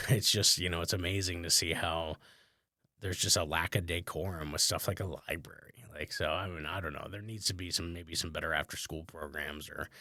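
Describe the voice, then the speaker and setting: A man with a very low voice spins a loose, rambling story in relaxed podcast chat. He fills his sentences with "like", chuckles as he goes, and pokes fun at himself. The sound is close and dry, with no room echo. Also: normal speed. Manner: rambling, conversational, many "like" fillers, chuckles often. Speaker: comedian and podcast host.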